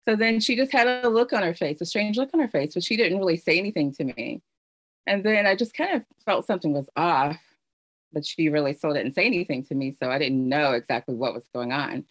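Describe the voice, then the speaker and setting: A middle-aged woman telling her personal story in an earnest, halting way, with fillers and restarts. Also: lowish voice, no echo. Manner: emotional storytelling. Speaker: speaker sharing her story. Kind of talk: personal testimony.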